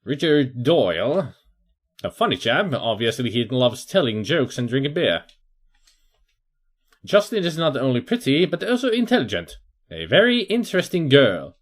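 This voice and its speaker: Man musing through a game, lively pitch. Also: normal speed. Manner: reads game text aloud, musing to himself. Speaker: let's player. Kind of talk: casual game commentary.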